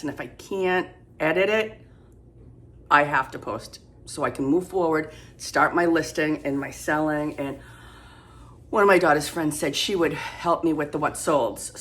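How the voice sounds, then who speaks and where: A woman's voice: sits low, a bit bright. A middle-aged woman chatting casually about her thrift haul from her home kitchen, rambling and self-deprecating. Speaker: thrift reseller vlogger.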